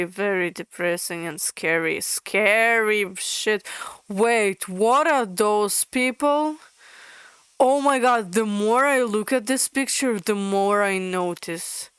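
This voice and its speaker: A woman whose isn't reads comic descriptions aloud and reacts to them, stumbling now and then. Her pitch sits mid-range for a woman. The close mic gives a dry sound with no room echo. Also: slow, smooth. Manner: expressive, stumbles while reading aloud. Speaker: VTuber streamer. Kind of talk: reading and reacting to comic blurbs.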